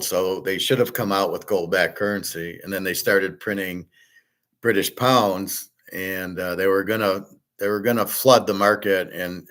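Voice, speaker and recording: A man's voice: low voice, fairly bright tone. A middle-aged man lecturing a class in a blunt, rambling way, swearing freely and often restarting his sentences. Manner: many restarts and repeated words. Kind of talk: casual lecture.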